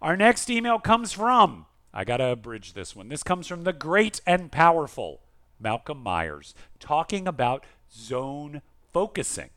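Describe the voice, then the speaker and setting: A man's voice: on the high side, big pitch swings, unhurried, a bit bright. A man co-hosting a podcast in casual chat, reading out listener emails in an enthusiastic, jokey way. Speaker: podcast co-host.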